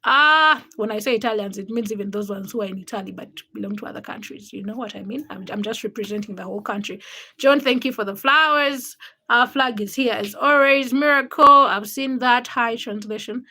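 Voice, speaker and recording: A woman's voice: a little high, a little fast, sharp tone. A woman from Uganda hosting a casual livestream from home, greeting viewers by name and answering their comments as she chats. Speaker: livestream host.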